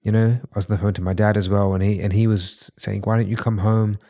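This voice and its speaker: A man with a lowish voice speaks as a guest on a podcast in a room. His tone is earnest and reassuring, reflective as he chats casually. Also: level tone, fast talker, warm tone. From London, England. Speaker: masculinity coach, podcast guest.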